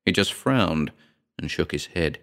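A man reading a first-person horror short story aloud in a measured, storytelling way. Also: deep voice, lively intonation, creaky, a bit bright. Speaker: narrator.

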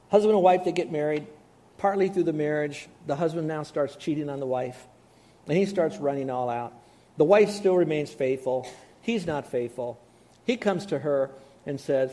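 A male preacher giving an animated, emphatic sermon and calling on the audience to respond. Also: fairly high pitch.

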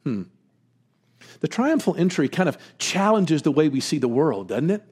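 A man preaching a sermon in an animated way, with chuckles and slowed emphasis on key words. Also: on the high side, slightly rough. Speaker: pastor.

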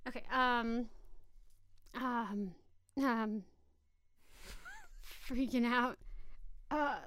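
Host: woman, bright, smooth clear tone, flustered and giggly. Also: on the high side, fairly even intonation, extremely slow. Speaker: podcast host. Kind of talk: casual chat, word game.

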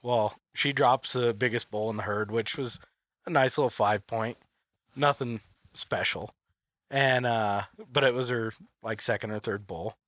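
A man's voice: medium pitch, unhurried, fairly bright tone, dry recording. A man chatting casually about hunting, rambling with lots of fillers and frequent laughter. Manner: rambling, heavy use of "like", laughs often. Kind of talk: casual chat.

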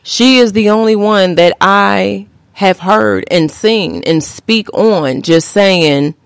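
A woman's voice: mid-range voice, slow pace, clean tone, no room sound. A woman co-hosting a casual podcast, talking in a blunt, emphatic, preachy way and swearing freely. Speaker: podcast co-host.

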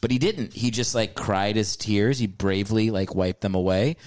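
A man's voice: on the low side, normal speed. A man guesting on a comedy podcast, telling stories in casual chat and acting out his own reactions. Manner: animated storytelling, acts out his own reactions.

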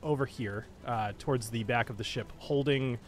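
A man's voice: mid-range voice, normal speed, faint music behind. A man narrating as game master, casual with frequent fillers and restarts.

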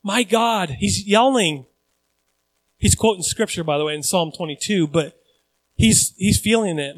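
A man with a high voice preaches a sermon, talking conversationally and acting out little quotes. The sound is dry and close, with no room echo. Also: a little slow. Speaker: pastor.

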